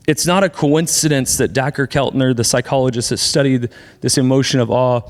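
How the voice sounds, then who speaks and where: A man's voice: a little high, big-room sound. A man preaching a conversational sermon as pastor, then introducing a guest speaker. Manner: conversational, animated in asides. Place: church sanctuary.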